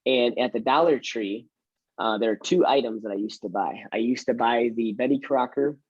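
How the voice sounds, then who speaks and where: A man's voice: mid-range voice, moderate pace, slightly rough, dry recording, muffled recording. A man who works in real estate, chatting casually and teaching, self-mocking and acting out his door-knocking lines. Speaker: real estate agent and trainer.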